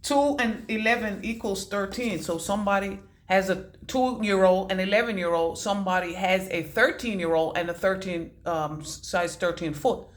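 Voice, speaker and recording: A woman giving a casual psychic reading to camera, rambling from one thought to the next, swearing casually and slowing down to stress key words. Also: mid-range voice. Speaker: intuitive reader.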